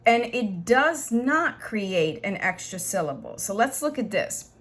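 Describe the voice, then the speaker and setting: A woman teaching an English grammar lesson, explaining slowly and patiently with repeated examples. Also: medium pitch, very animated.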